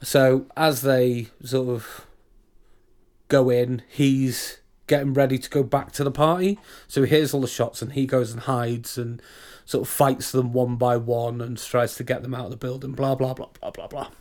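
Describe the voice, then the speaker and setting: A man's voice: mid-range voice, little pitch movement, normal speed, darkish tone. A British man co-hosting a podcast in casual chat, ranting and often restarting his sentences. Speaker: podcast co-host.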